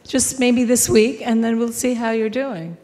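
A woman from the audience speaks in a calm, reassuring way, her fairly high voice picked up from afar. Long reverb from the auditorium surrounds her words. She soothes someone who is upset. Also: measured pace. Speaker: audience member. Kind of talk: improvised role-play as a parent.

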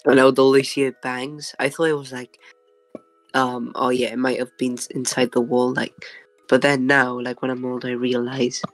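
A young man sharing a childhood story with a flat, level voice that barely rises or falls. He hesitates a lot and fills the gaps with little laughs. The recording is dry and close, with quiet music faintly behind. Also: mid-range voice, moderate pace, no echo, low-quality recording. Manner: hesitant, filler-heavy, laughs between phrases. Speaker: guest. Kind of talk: casual storytelling.

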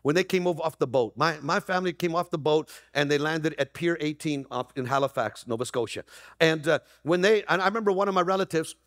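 High-voiced energetic male pastor preaching. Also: quick pace, no echo, studio quality. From Canada. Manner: energetic, rising to near-shouts, playful asides. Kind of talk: Christmas Eve sermon. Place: church hall.

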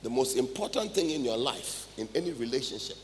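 A middle-aged Ghanaian man preaching a sermon in church, swinging between loud outbursts and hushed asides. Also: mid-range voice, expressive, a little fast, a little hiss or hum. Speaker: pastor. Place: church hall with congregation. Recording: live church recording with long reverb.

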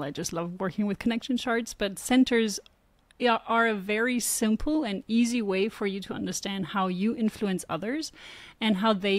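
Woman, podcast co-host, thoughtful, explanatory, easy laughter, mid pitch, dry sound. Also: no echo. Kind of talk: casual podcast chat.

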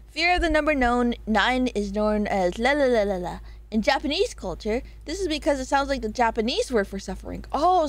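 A woman's voice: high-pitched, no echo. A woman streaming a casual chat, reading out viewer suggestions, giggling often and swearing freely.

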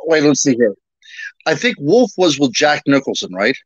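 Measured man on a dull line. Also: a little high, sing-song, no room sound. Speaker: author and paranormal investigator guest. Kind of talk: casual interview chat.

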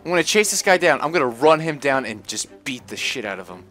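Bright-voiced, cursing gamer man. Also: medium pitch, sing-song, fast talker, soft background music. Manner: frustrated, swears a lot, loud outbursts. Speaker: gaming livestreamer. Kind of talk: live gameplay commentary.

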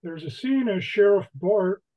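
A woman hosting an online trivia game, reading questions slowly and deliberately with a light laugh now and then. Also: medium pitch, animated, muffled recording. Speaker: trivia host.

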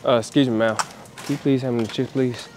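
A man's voice: mid-range voice, steady tone, fast, noisy background. A brash young man doing a casual prank vlog inside a big store, trolling and swearing. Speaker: prank vlogger.

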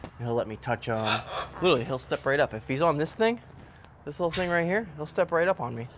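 A man casually vlogging outdoors as he tends his birds, loose and slangy, breaking into a high cooing voice when he talks to them. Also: expressive, fast talker, fairly bright tone, slight background noise. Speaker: vlogger, bird keeper. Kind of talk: casual vlog chat. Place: outdoor backyard cage area.

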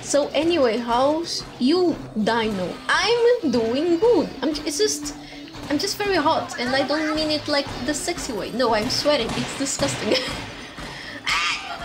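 Excitable high-voiced woman streaming a game. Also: moderate pace. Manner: excitable, swears and laughs often. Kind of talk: casual gaming stream commentary. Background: game music.

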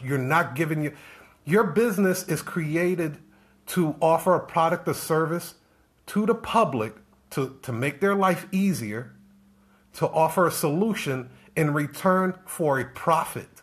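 A business coach with a slightly high, fairly bright voice gives a live-streamed talk, driving his point home with a string of rhetorical questions. He keeps returning to the same phrases in a preachy, insistent way.

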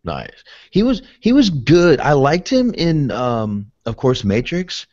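A man's voice: medium pitch, sing-song, a little slow, few pauses, darkish tone, dry recording. A man hosting a podcast, chatting casually and jokingly, swearing freely and slipping into silly voices. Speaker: podcast host. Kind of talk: casual chat. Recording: dry dull lo-fi audio.

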